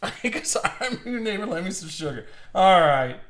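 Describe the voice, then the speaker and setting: A young man with a somewhat high voice talks casually on a live stream. He rambles and restarts his sentences as he chats with viewers. Faint background noise sits under the recording. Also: big pitch swings, moderate pace, a bit bright. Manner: rambling, chatty storytelling with many restarts. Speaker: card break host. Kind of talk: casual live-stream chat while opening cards.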